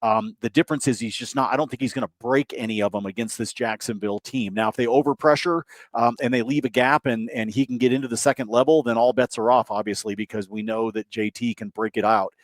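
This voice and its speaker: A man co-hosting a sports betting podcast, laying out his picks in a steady, reasoned way. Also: mid-range voice, fast talker, hardly any pauses, dry recording. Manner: steady, reasoned, lots of "I think". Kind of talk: casual betting analysis.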